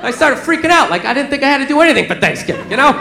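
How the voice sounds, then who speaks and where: A man from the American South doing a stand-up routine, telling stories in a loud, exasperated way. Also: extremely high pitch, very animated, rapid-fire, gravelly, slight background noise. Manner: loud, exasperated storytelling with rants. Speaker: stand-up comedian. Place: comedy club stage. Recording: echoey club with audience laughter. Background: audience laughing.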